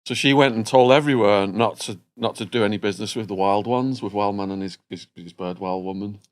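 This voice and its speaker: A man's voice: fairly low pitch, brisk. A man hosting a podcast, wryly filling in the backstory in casual chat. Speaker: podcast host.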